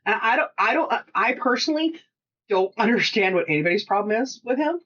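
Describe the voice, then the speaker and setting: A middle-aged woman co-hosting a casual chat, telling animated stories, acting out what people said, and laughing often. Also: fairly high pitch, brisk, lo-fi sound. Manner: animated storyteller who acts out quotes and laughs often. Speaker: podcast co-host and shop owner.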